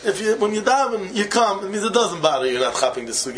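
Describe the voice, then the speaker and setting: A man's voice: sits high, fast talker, a little hiss or hum. Man giving a Torah talk. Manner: animated, mixes Hebrew and Yiddish terms into English. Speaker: Torah teacher. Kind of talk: Talmudic discourse with a told story.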